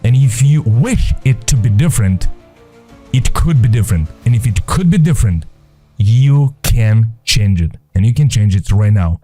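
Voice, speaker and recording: A man teaching a faith-based motivational masterclass, emphatic and repetitive, with slow deliberate phrasing. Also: on the low side, expressive, mellow, husky, faint music behind.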